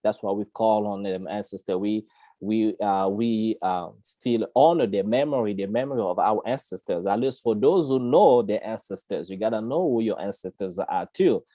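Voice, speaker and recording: A man's voice: lowish voice, normal speed, dark tone, no echo. Laughing man explaining things chattily. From Congo. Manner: chatty, laughs often, repeats words, checks in with "you know, all right?". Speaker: guest speaker on Kongo spirituality. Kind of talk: casual explanatory talk.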